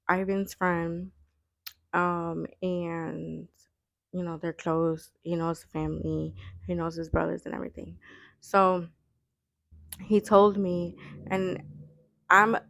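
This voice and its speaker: Gravelly-voiced woman telling a painful story. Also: fairly low pitch, no room sound, studio quality. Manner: halting, repeats herself, many fillers. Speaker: vlogger. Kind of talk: emotional personal storytelling.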